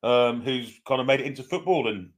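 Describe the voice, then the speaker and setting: A man's voice: mid-range voice, fairly quick. A man co-hosting a casual fan chat show, chatty and agreeable. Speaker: co-host of a football fan show. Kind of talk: casual live-stream chat.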